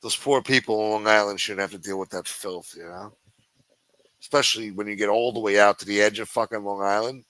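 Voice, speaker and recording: A man's voice: on the low side, steady tone, a little fast, a bit bright, dry recording, low-quality recording. A man hosting a livestream, ranting with constant profanity in a sneering, contemptuous way. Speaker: livestream host.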